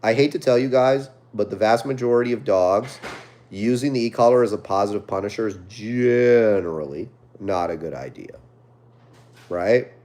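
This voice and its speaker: A man with a fairly low voice answers viewer questions on a live stream. He speaks casually and conversationally, like a trainer explaining his methods, and keeps checking in with a quick "right?". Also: mellow. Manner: conversational, reads viewer questions aloud and answers, often ends points with "right?". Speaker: dog trainer hosting a live Q&A.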